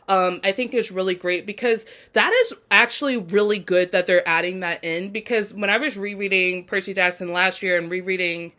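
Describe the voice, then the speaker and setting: Her voice is lowish with a fairly bright tone as she casually reviews a TV episode on video. Effusive and talkative, the reviewer often uses "um" and "you know."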